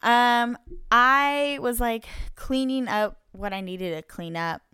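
A woman co-hosting a casual podcast, telling a story with lively retellings of dialogue and frequent swearing. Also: a little high, slow pace, clean tone, no echo, studio quality. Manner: animated, swears freely, plays out quoted dialogue. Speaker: podcast co-host.

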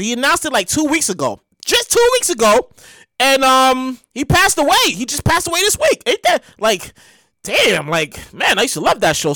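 Woman vlogger, high and bright, swearing rant, stumbles over repeated words. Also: dry recording. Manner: animated, profane, stammers and repeats phrases. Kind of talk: casual ranting commentary.

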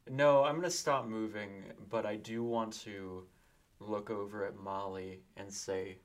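A man's voice: on the low side, steady tone, a little slow. A man playing a tabletop role-playing game, describing his character's moves casually. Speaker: player.

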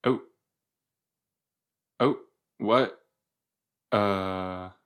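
Podcast host, male, from LA, rambling and giggly, slow unhurried pace. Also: lowish voice, fairly bright tone. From Los Angeles area. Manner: giggly, rambling, self-mocking. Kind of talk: rewatch reaction commentary.

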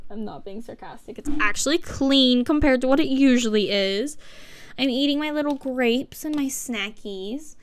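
A woman's voice: high-pitched, a bit bright. A seventeen-year-old girl hosting her first podcast from her living room, rambling and self-mocking with sarcastic asides and swearing. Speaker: podcast host. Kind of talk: casual solo podcast chat.

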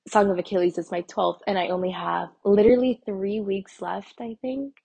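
A woman's voice: mid-range voice, fairly even intonation, normal speed, creaky, warm tone, slightly rough. A young woman hosting a casual solo podcast, rambling and chatty with lots of fillers and restarts, recorded on an earbud mic while walking around. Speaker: podcast host. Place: walking indoors. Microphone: earbud microphone.

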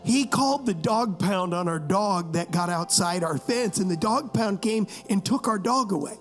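A male pastor with a strikingly high voice preaches to his church. He tells stories in a loose, joking way and keeps calling on the congregation to agree with him, while soft music plays faintly in the background. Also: animated, moderate pace. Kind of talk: sermon with storytelling. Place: church service.

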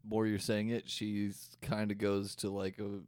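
A young man co-hosting a podcast, chatting casually and crudely about a movie, quick to joke. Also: lowish voice, completely flat delivery, a little mellow, dry recording, clean studio sound. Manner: crude, joking, laughs easily. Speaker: podcast co-host. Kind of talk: casual movie recap chat.

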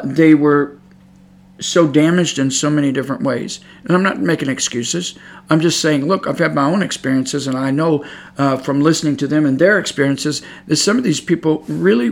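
A man's voice: fairly high pitch, vocal fry. A middle-aged man giving an emphatic religious podcast monologue, repeating himself and growing heated. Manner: emphatic, repetitive, grows heated and loud. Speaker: podcast host.

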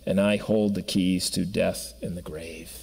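A man voicing a gentle and comforting divine figure, speaking softly, slowly and reassuringly in a sermon. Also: low voice, steady tone, gravelly, slight background noise, pitched below the performer's own voice. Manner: soft, slow and reassuring. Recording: long reverb of a church hall.

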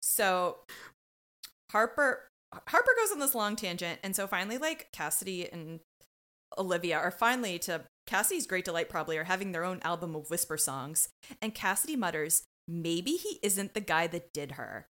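A woman's voice: on the low side, expressive, moderate pace, sharp tone. Wry, casually swearing woman co-host. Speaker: podcast co-host. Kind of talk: casual recap chat.

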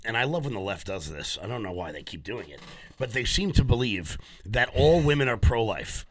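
A man's voice: mid-range voice, lively intonation, fairly quick. A man from Florida co-hosting a casual political talk show, joking and wry, complaining about the cold. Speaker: co-host.

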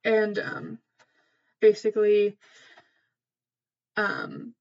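A woman's voice: mid-range voice, monotone, drawn-out words, darkish tone, lo-fi sound. A woman hosting a casual mythology podcast, rambling with lots of fillers, casual swearing and lost trains of thought. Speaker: podcast host.

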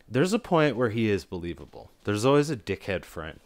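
A man's voice: lowish voice, very animated, fairly quick. A man co-hosting a casual film discussion podcast, rambling with lots of fillers and briefly acting out what characters say. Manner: rambling, filler-heavy, acts out quoted characters. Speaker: podcast co-host.

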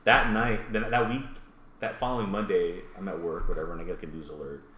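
A fast-talking man with a fairly low voice spins a wild story in casual chat, swearing freely and acting out each person's lines. He is recorded in a roomy, echoing space with a faint hum of room noise behind him. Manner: animated, swears, acts out voices. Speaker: podcast co-host telling a story.

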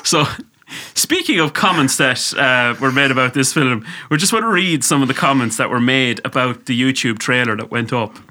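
A man's voice: mid-range voice, normal speed, sharp tone. A young man co-hosting a casual podcast, swearing freely and laughing as he talks. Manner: swears freely, laughs through his reading. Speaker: podcast co-host.

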